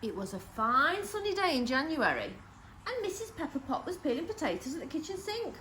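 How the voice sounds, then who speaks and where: High, animated nursery teacher reading aloud. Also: female voice, brisk, slight background noise, rough recording. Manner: animated, lots of gasps and questions to children. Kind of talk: storytime reading to young children.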